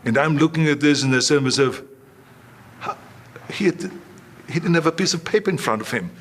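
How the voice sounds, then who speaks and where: An older man as an interview guest, telling animated anecdotes and acting out the lines of the people he quotes. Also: a little high, fairly quick. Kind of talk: storytelling in an interview.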